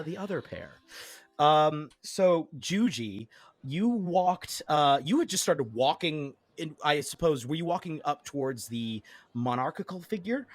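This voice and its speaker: A man's voice: fairly high pitch, no room sound. A man running a tabletop game as game master, narrating casually with lots of hesitant uhs and likes.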